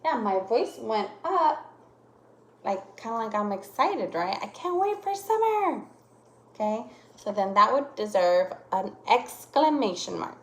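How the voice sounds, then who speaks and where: A woman teacher giving a lesson to young children, speaking slowly and exaggerating her voice changes to demonstrate punctuation. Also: medium pitch, animated. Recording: echoey room.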